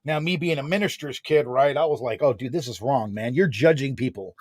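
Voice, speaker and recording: A man in his forties telling a story in a casual chat, animated and slangy, peppering his talk with filler words. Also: medium pitch, a little fast, no echo. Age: 40s.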